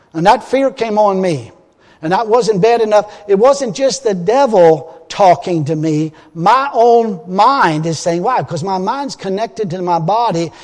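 A man's voice: high voice, a little mellow, in a large hall. A man preaching a sermon in an emphatic, folksy way, often restarting his phrases.

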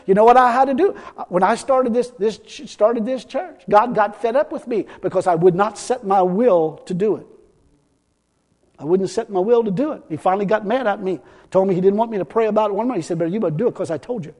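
A man preaching a sermon as pastor, talking conversationally, repeating himself and swelling louder for emphasis. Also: sits high, moderate pace. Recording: long hall reverb.

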